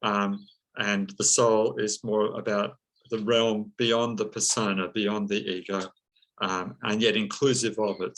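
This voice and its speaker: A man speaking as an interview guest, slow and reflective, with many pauses and fillers. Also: lowish voice, a bit bright, poor audio. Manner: slow, thoughtful, many ums and uhs. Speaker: psychologist and counseling teacher, guest.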